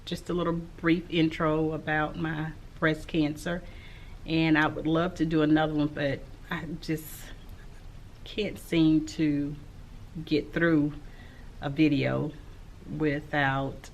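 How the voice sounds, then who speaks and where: Slow, gravelly-voiced woman teacher vlogging. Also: low voice, little pitch movement, slight background noise. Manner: slow, soft-spoken and reflective, with frequent "um". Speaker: elementary school teacher. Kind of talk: casual vlog talk to camera.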